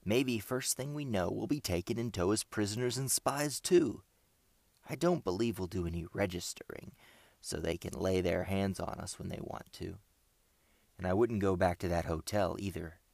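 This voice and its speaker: A man playing a forthright scout lad who talks his mind freely. The voice sits low, with some gravel to it, recorded close and dry, as in a storybook reading. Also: moderate pace, darkish tone, no room sound. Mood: earnest. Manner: forthright, chatty. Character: blunt, talkative boy scout.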